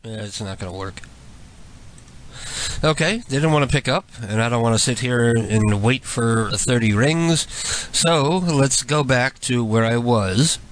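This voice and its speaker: A man's voice: medium pitch, measured pace. A man hosting a prank call show, joking playfully between calls. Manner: playful, laughing asides. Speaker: radio prank call host.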